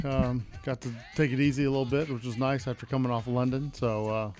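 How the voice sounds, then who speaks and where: A man's voice: medium pitch, brisk, soft background music. A man who works as a team equipment manager, chatting casually and easily as a guest. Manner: relaxed, chatty, with laughs. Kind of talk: casual interview chat.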